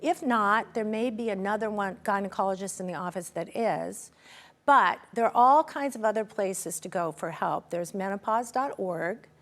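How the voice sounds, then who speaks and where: A middle-aged woman guest in a conversational interview, talking expressively and acting out quoted dialogue. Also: moderate pace. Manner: expressive, acts out quoted dialogue with pitch jumps. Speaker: interview guest, menopause advocate.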